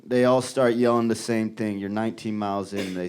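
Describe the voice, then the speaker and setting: A male stand-up comedian performing a live set, animated and jumping into high shouted voices for the people in his stories. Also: a little fast, hardly any pauses, smooth. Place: comedy club stage before a live audience. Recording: live club recording with loud crowd laughter. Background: audience laughter.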